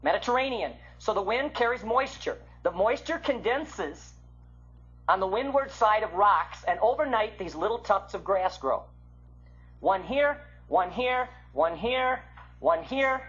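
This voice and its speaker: An older man from the Midwest giving an illustrated Bible lecture, with a husky voice that swings from loud to hushed. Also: high-pitched. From American Midwest. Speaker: Bible teacher. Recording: muffled lo-fi recording.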